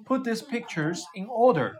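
A woman reading a children's picture book aloud, with expressive, animated storytelling. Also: a little high, normal speed. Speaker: storybook reader.

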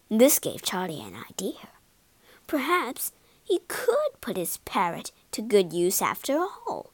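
Woman narrator, storybook, theatrical with whispered suspense; slow, lively pitch. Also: husky, dry recording.

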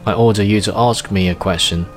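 A proud, bossy king from a storybook, put on by a male narrator. He booms out orders in a raised, commanding voice. Faint music plays underneath. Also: fairly even intonation, a little fast, natural voice. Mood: eager. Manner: loud and commanding. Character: proud, bossy old king ruling a tiny planet.

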